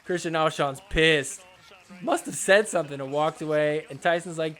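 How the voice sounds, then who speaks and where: A young man with a high-pitched voice hosts a sports podcast, talking over match footage. He recaps the games with a sarcastic, mocking edge and drops into quick put-on voices for the players. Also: a bit bright. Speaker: podcast host. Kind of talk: comedic sports recap commentary.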